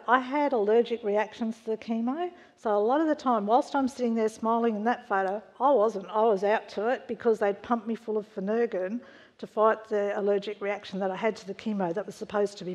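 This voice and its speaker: A woman in her sixties shares a personal testimony in a frank, chatty way, dry and understated. Her voice sits a little high for a woman. Each phrase trails off into the long echo of a church hall. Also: a little mellow, muffled recording. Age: 60s. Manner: frank and conversational, wry understatement. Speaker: church member sharing a testimony. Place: church hall before a congregation.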